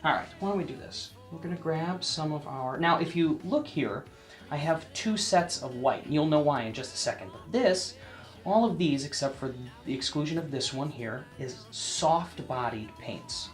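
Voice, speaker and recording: A man giving a casual painting lesson, chatting to the viewer and often checking in, sometimes dropping to a soft near-whisper as he works. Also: fairly high pitch, animated, moderate pace, faint music behind. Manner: drops to a soft near-whisper while working. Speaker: painting instructor.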